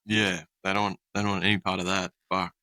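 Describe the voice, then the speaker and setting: A laid-back Australian man hosting a podcast, talking bluntly and swearing without a second thought. His voice sits low and bright. The sound is dry and close to the mic. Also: little pitch movement, quick pace, dry recording, rough recording. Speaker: podcast host. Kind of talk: casual podcast chat.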